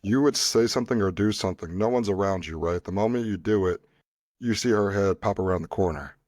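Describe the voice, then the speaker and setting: Low-voiced man in a dry room. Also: fairly quick, no echo. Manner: animated storyteller, frequent agreement sounds. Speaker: podcast co-host. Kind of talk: casual chat.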